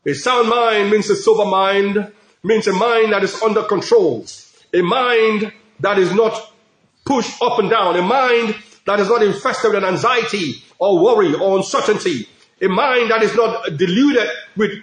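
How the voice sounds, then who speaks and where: A middle-aged man preaches in a notably high voice, hammering each point through repetition and shouts of praise. The sound carries a roomy echo. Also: a little slow. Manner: emphatic, repetitive preaching with frequent praise interjections. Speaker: pastor. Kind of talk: sermon. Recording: echoey room.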